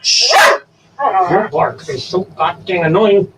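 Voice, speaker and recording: Guy talking to his dogs on a stream, slow and bouncy, kinda far from the mic. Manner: coaxing commands to dogs, sing-song high bursts. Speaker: stream host. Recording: distant from the mic. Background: dogs, faint room noise.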